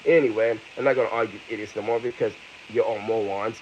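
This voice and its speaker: A man's voice: lowish voice, normal speed, highs cut off, a little hiss or hum. A man in his thirties from America, ranting heatedly with lots of profanity and repetition in an angry vlog. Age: 30s. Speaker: vlogger.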